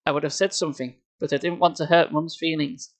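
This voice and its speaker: A man voicing a young teenage girl who is thrilled with her scary mask, reading her lines with excitement. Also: a little high, brisk, lightly acted. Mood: anxious. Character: scheming young teen girl in a monster mask.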